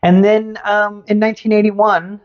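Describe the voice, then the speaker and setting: A podcast host telling a story in casual chat, animated and sarcastic. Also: mid-range voice, moderate pace, highs cut off.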